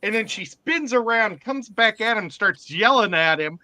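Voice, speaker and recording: A man with a high, bright and tense voice, joking with friends in a casual chat. He retells funny clips with lively enthusiasm and quick teasing remarks. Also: no room sound. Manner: animated joking storyteller.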